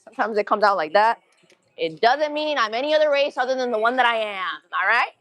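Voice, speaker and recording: A woman's voice: on the high side, lively intonation, brisk, fairly bright tone, rough recording. A young adult woman from Massachusetts with a Massachusetts accent, livestreaming a gym workout, counting reps aloud and chatting casually with viewers. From Massachusetts, USA. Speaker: fitness livestreamer. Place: gym, indoors.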